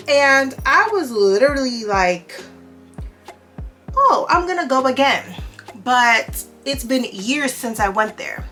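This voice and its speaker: A woman beauty vlogger telling a story in a casual, animated and exasperated way while she does her makeup. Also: a little high.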